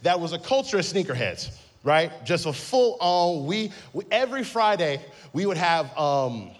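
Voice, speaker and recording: Animated storytelling male pastor. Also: on the high side, normal speed. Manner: lively storytelling with acted-out quotes and humor. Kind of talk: sermon.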